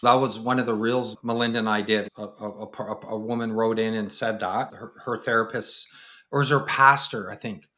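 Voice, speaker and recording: A man's voice: on the low side, steady tone, moderate pace, sharp tone. A man hosting an interview as a counselor, talking bluntly and straightforwardly and acting out the people he quotes. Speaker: podcast host, counselor. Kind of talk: casual conversational interview.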